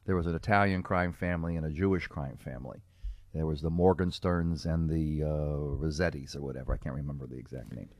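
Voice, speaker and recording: A middle-aged man with a notably deep, low-pitched voice talks casually as a podcast guest. He tells his stories with self-mocking humor and laughs often. The recording is close and dry. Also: steady tone, fairly quick, a little mellow, no echo. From Cincinnati, USA. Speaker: guest, comedic speaker and character performer.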